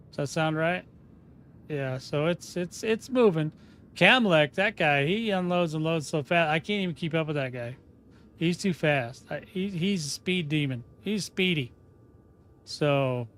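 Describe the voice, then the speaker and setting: A man's voice: fairly high pitch, smooth. A man chatting casually on a game livestream, rambling and often breaking off mid-sentence. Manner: rambling, self-interrupting, chatty. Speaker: game streamer.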